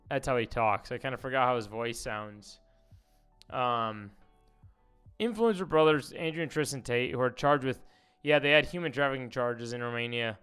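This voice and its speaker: Smooth-voiced rambling male streamer. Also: mid-range voice, moderate pace, fairly bright tone, soft background music. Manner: rambling, swears, reads posts aloud. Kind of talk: casual commentary livestream.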